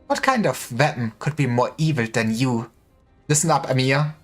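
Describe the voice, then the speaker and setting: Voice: mid-range voice, moderate pace, soft background music. A streamer reading a game story aloud dramatically, voicing each character in turn.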